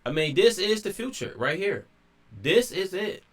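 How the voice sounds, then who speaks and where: A man's voice: high-pitched, big pitch swings, normal speed. A man talking casually in a rambling monologue, full of slang and restarts. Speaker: commentator.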